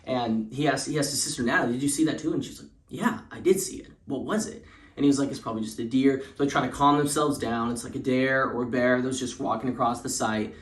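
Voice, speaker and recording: A man's voice: mid-range voice, fairly even intonation, fast, roomy sound. A young man telling a parody spooky story in a rambling way, with lots of fillers and restarts.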